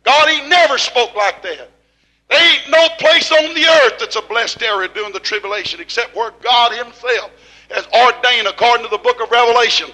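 High, bright-voiced fiery preacher man. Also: poor audio. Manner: preaching with rising shouts and slow emphatic repeats. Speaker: pastor. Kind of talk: fiery sermon.

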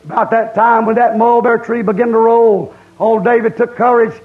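A man's voice: very high voice, level tone, normal speed, phone-quality sound. A man preaching a camp-meeting sermon, emphatic and repeating his points.

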